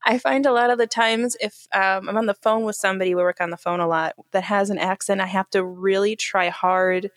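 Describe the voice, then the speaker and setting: A woman's voice: medium pitch, fairly even intonation, fairly quick, hardly any pauses, no room sound. A woman from Michigan telling stories in a chatty, casual podcast conversation. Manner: chatty and talkative, easy storytelling. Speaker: podcast co-host. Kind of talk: casual chat, storytelling.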